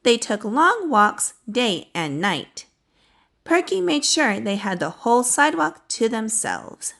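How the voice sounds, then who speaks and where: A woman reading a children's storybook aloud in a cheerful, expressive way, then signing off to young viewers. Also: fairly high pitch, slow, vocal fry. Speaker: children's book reader.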